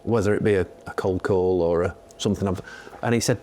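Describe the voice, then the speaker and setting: British host guy, kinda low voice, excitable and chatty, bit of faint room noise behind. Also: fairly quick. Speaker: podcast host. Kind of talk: casual interview.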